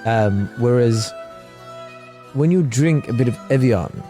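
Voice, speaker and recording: Podcast co-host, rambling, joking, faint music underneath. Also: male voice, mid-range voice, animated, slow, mellow. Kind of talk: casual chat.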